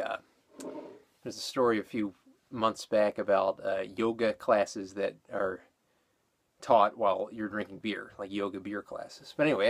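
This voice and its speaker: A man's voice: mid-range voice, vocal fry. A man casually reviewing a beer, rambling with fillers and self-corrections, a little out of breath after exercise.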